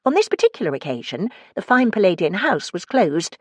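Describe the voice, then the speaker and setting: A woman narrating a cozy mystery audiobook in the first person, wry and expressive, recorded close in a studio. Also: medium pitch, a little fast, no echo.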